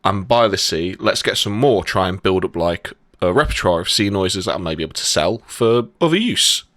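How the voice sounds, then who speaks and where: A man's voice: low-pitched, animated, moderate pace, fairly bright tone, dry recording, studio quality. A young British man hosting a casual podcast with friends, laughing often and telling stories. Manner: laughs often, rambling storyteller. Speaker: podcast host.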